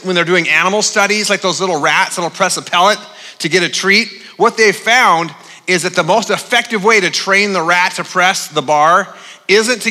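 Pastor guy preaching, chatty and jokey with lots of uhs, kinda high voice, long church echo. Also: bright, forceful tone. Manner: conversational, humorous, with frequent fillers. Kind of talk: sermon. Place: large church auditorium. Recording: long reverb of a large hall.

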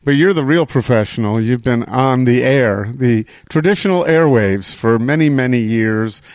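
A man's voice: mid-range voice, normal speed, a little mellow, no echo. A man hosting a food podcast, bantering playfully and teasing his co-host. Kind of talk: casual podcast chat.

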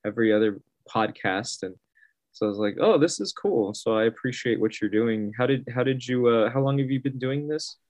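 A man chatting casually as a guest, animated and laughing often, acting out other people's reactions. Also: medium pitch, fairly quick, dry recording. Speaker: guest artist. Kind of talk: casual storytelling.

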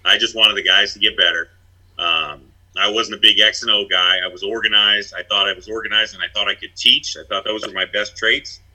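A man's voice: fairly low pitch, fairly even intonation, a little fast, sharp tone, low-quality recording. A middle-aged man, a former basketball head coach, telling stories in a blunt, self-deprecating way. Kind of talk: casual chat.

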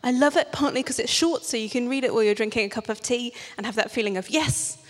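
A young woman gives a sermon in a relaxed, conversational way, teasing the congregation with questions. Her voice sits a little high, and a long church reverb trails after each phrase. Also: fast talker. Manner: chatty, playful, asks the congregation questions. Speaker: preacher.

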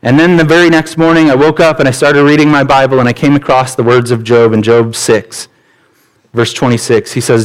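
A man's voice: medium pitch, steady tone, brisk, poor audio. Man preaching in a casual, candid voice. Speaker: pastor. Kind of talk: sermon.

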